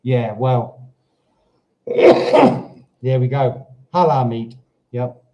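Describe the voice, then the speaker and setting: A man's voice: medium pitch, very slow, warm tone. A British man hosting a casual livestream from his home, rambling as he reads out viewer comments and stops to talk to his dog. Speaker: livestream host. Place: home in Portugal.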